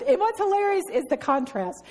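A woman's voice: very high-pitched, very animated, fairly quick, darkish tone. A middle-aged woman teaching a Bible study, telling personal stories and laughing often.

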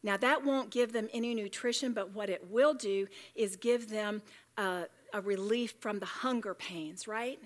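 A woman's voice: medium pitch, measured pace. A woman giving a Bible study talk to a room of women, chatty and joking yet earnest. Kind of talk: sermon.

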